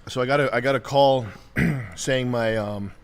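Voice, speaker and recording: A man in his forties, congested, rambling through deadpan jokes while chatting casually on a livestream. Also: medium pitch, normal speed, gravelly. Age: 40s. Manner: rambling, deadpan jokey banter. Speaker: streamer.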